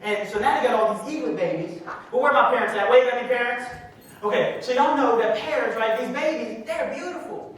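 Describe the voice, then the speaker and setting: A man telling a story in a sermon, animated and calling to the crowd. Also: very high-pitched, a little fast. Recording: echoey hall from far off.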